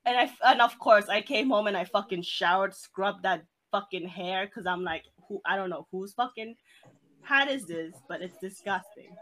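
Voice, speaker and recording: A woman's voice: mid-range voice, normal speed, fairly bright tone, low-quality recording. A woman co-hosting a podcast, telling a story in casual chat, swearing often and laughing along. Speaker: podcast co-host.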